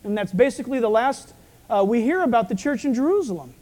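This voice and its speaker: A male pastor with a croaky, frog-like voice, preaching a sermon with storytelling asides. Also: very high voice, animated, fast talker, a little mellow.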